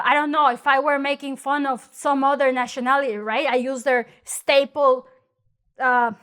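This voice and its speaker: A woman with a Mexican accent gives a loose, conversational Spanish lesson, speaking in English. Her voice sits high, and she keeps things lively by acting out the phrases she explains. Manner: chatty, animated, acts out mocking exaggerated voices. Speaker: Spanish teacher. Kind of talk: casual spoken lesson.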